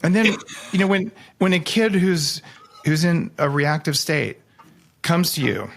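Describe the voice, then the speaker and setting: A man, a guest author on a podcast, talking casually with animated, jokey storytelling and sudden jumps in pitch. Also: measured pace, gravelly.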